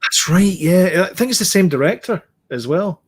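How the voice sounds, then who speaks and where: A man's voice: high-pitched, lively intonation, normal speed, slightly rough. A man co-hosting a podcast, giving blunt opinions in casual chat with many ums and restarts. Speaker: podcast co-host.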